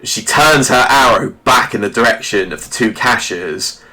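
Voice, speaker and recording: A man narrating a tabletop game as game master, halting often with "sort of" and restarts. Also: mid-range voice, bright, forceful tone.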